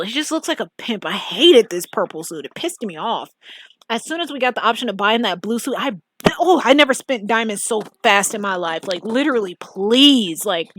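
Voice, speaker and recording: A woman talks through a story game in a loose, chatty way. She is blunt and quick to sound exasperated, and her voice sits at an ordinary middle pitch. The recording is close and dry, with no room sound. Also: fairly bright tone, no echo. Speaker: game reviewer. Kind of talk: casual gameplay commentary.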